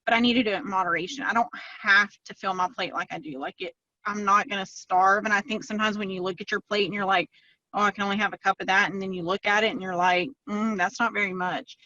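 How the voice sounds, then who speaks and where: A woman chats casually, telling her story with lots of quoted asides. Her voice sits at a middling pitch. It is recorded dry and a bit dull, like a lo-fi call. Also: fairly even intonation, fast, pushed and bright, no echo. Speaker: podcast guest, fitness client. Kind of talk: casual interview chat.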